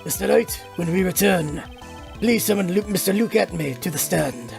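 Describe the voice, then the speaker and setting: A woman voicing an older male judge from a game, making slow, formal pronouncements. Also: lowish voice, lively intonation, vocal fry, over music. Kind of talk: reading game dialogue aloud.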